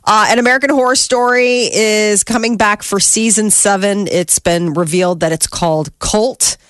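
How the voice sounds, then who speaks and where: A woman co-hosting a morning radio show, running through entertainment news in a chatty, giggly way. She uses a lot of fillers. Her voice sits at a mid pitch in a dry, close studio sound. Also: steady tone, normal speed, dry recording. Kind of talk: casual morning radio chat.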